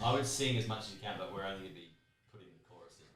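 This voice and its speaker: A man's voice: deep voice, racing, fairly bright tone, breathy edge. A man co-hosting a podcast, chatting casually and joking. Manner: joking and playful. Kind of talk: casual chat.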